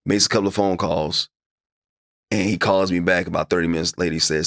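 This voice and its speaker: Man, middle-aged, low gravelly voice, animated storyteller, reenacts conversations, pitch jumps when worked up. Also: brisk, dry recording, clean studio sound. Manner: acts out his own past dialogue, voice climbing high when upset. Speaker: interview guest, sports broadcaster.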